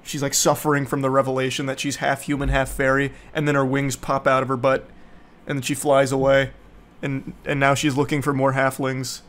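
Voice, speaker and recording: A man's voice: mid-range voice, completely flat delivery, brisk, a bit bright. A young man streaming, casually recapping a bad movie to his viewers in a sarcastic, profane, rambling way.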